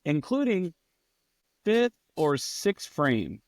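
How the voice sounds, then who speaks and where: A middle-aged man, a comedian guest on a podcast, telling a long casual anecdote in a profane, animated way and acting out what other people said. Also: on the high side, drawn-out words, no room sound, clean studio sound.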